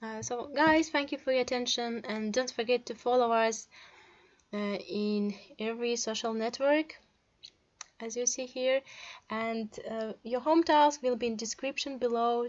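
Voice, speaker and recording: A woman's voice: fairly high pitch, steady tone, unhurried, highs cut off. A young woman from Russia with a Russian accent, teaching a language lesson in English, reading words aloud one by one with short glosses and hesitant fillers. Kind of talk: slow online language lesson.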